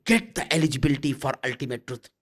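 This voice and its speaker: A man's voice: mid-range voice, fast, fairly bright tone. A man giving a satsang talk as a spiritual teacher, blunt and intimate, calling listeners "my love".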